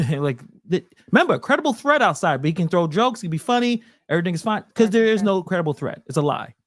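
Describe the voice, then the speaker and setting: A man's voice: high voice, big pitch swings, fast talker, no room sound, studio quality. A man giving scornful live reaction commentary to a meeting, mocking what he hears.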